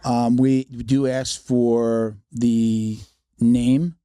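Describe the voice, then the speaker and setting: A man's voice: mid-range voice, little pitch movement, very slow, warm tone, clear, resonant tone, no room sound, clean studio sound. A man in casual podcast chat, giving long rambling explanations and acting out quotes.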